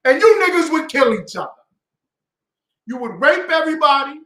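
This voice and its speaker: A man preaching a heated, mocking street sermon, acting out voices and bursting into shouts. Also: very high voice, very animated, normal speed, reverberant, rough recording.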